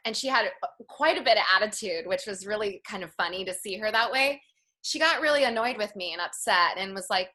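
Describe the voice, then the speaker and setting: Woman, 30s, bright clear voice, earnest, reflective, interview guest. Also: medium pitch. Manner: earnest, emotional, slow and reflective. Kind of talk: candid personal story.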